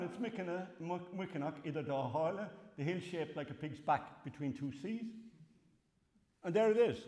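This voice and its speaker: An older Irish man giving a wry, animated farewell lecture with slides in a large hall. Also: on the high side. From Ireland. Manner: wry, animated storytelling with chuckles. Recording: long hall reverb.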